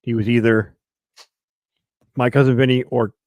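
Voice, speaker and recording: A man's voice: mid-range voice, flat delivery, normal speed, darkish tone, no echo. A man co-hosting a casual podcast chat, swearing freely and reeling off film facts. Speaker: podcast co-host.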